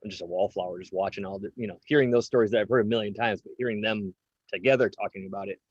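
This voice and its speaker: A man's voice: on the low side, fairly even intonation, racing, no room sound, muffled recording. A man in his forties, a drummer interviewed as a guest, talking casually with lots of fillers and restarts. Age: 40s. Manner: rambling, many fillers and restarts.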